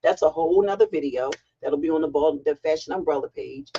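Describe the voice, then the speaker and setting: A middle-aged woman hosting a casual livestream from home, chatty and excitable as she greets viewers. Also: sits low, a little fast, slight background noise. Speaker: livestream host. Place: home, sitting on a heating pad. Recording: dull lo-fi livestream audio.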